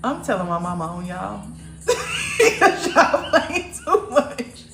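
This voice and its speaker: A woman's voice: mid-range voice, sing-song, takes it slowly, fairly bright tone, roomy sound, faint music behind. A woman hosting a casual livestream, talking bluntly and profanely straight to her viewers in the chat. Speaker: livestream host.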